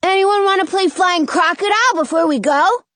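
A woman voicing an excitable, cheeky young boy with a squealing, sing-song manner in an audiobook reading. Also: very high voice, moderate pace, no echo, pitched above the performer's own voice. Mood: eager.

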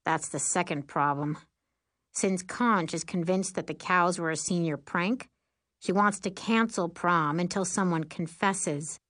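A woman's voice: fairly low pitch, a little slow, fairly bright tone, no echo, studio quality. Woman doing a fretful teen boy class president. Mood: worried. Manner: worried, sighing, glum. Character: teenage boy class president, anxious, fretting.

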